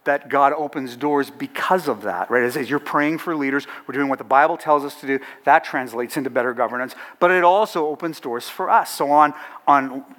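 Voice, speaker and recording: A man's voice: mid-range voice, fairly quick, fairly bright tone. A middle-aged man who leads a chaplaincy organization, telling an anecdote to an audience with playful asides. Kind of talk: storytelling talk to an audience.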